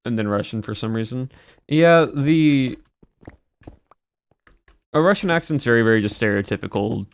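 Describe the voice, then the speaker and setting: A man's voice: fairly low pitch, expressive, fast, dry recording. A man streaming live, chatting casually and rambling while he answers his chat.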